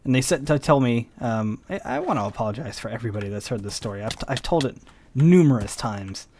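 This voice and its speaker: A man's voice: medium pitch, fast, a little hiss or hum. A tired young man telling a rambling story in a casual way while he plays a game, acting out both sides of the conversation. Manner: rambling, animated, mimics the other side of the conversation. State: tired, yawning. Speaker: gaming video host.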